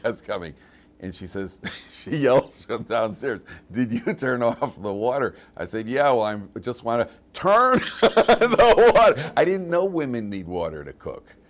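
A man, a rabbi teaching a class and telling funny personal stories, laughing at his own jokes. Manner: animated storyteller, laughs at his own jokes, big jumps in pitch and loudness. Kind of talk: lively class talk with personal anecdotes.

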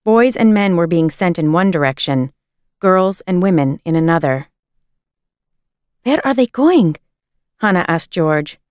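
Woman, storybook reader, measured, expressive, crisp voice, dry recording. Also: on the low side, dry recording. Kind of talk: reading a children's book aloud.

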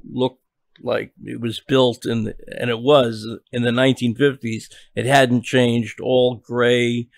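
An older man, a journalist guest on a podcast, telling a long story in a halting way with many restarts and repeated words. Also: medium pitch, gravelly, no room sound, clean studio sound.

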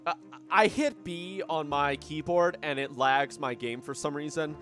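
A man's voice: a little high, measured pace, fairly bright tone, faint music behind. A man casually live-streaming a game, playful and giggly, chatting to his viewers.

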